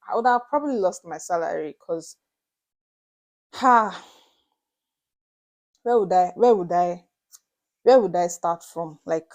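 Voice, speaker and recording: Nigerian woman telling a dramatic story. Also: on the low side. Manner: animated, dramatic retelling with Pidgin asides. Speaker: vlogger. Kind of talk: storytelling to camera.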